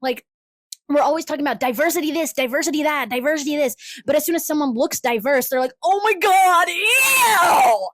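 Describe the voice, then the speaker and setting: A woman's voice: high-pitched, quick pace, no echo, rough recording. A woman hosting a solo podcast, ranting in a profane, exasperated and sarcastic way. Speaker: podcast host.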